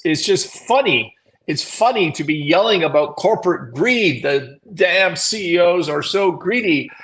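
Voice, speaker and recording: A man's voice: on the high side, a bit bright, rough recording. A man hosting a live business commentary show, wry and amused, often laughing at his own points and giving punchy readings of quotes. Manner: mocking emphatic read-outs of quoted rants.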